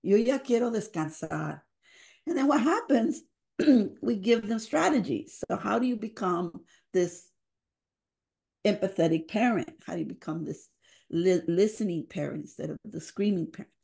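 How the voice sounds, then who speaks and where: Mellow-voiced woman telling heartfelt stories. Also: medium pitch, animated, normal speed, gravelly. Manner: earnest, emotional, acts out parents' voices with Spanish phrases. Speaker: family engagement program leader, guest. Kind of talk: heartfelt storytelling in a podcast interview.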